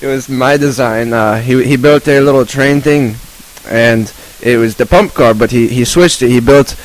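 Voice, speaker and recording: A man plays an unhinged rock guitarist who rambles and stumbles through absurd stories in a mid-pitched, ordinary voice. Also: moderate pace, natural voice, rough recording. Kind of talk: improvised comedy interview.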